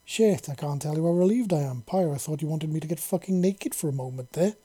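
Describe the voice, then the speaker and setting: A man's voice: on the high side, fairly quick, warm tone, husky. A man voicing a brash, swearing young soldier. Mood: relieved. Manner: swearing, blunt, nervous and defensive.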